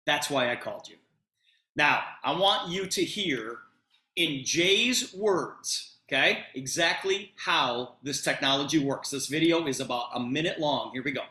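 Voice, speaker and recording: A middle-aged man retelling a conversation to an audience with lots of expressive emphasis. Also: a little high, a little slow, roomy sound. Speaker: presenter telling a personal story. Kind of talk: animated storytelling to an audience.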